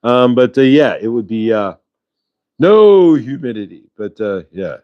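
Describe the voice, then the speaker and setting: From his home in Colorado, a man with a fairly low voice hosts a live spiritual channeling show at a moderate pace, the audio sounding dull. He chats casually with viewers, rambling with lots of fillers and restarts.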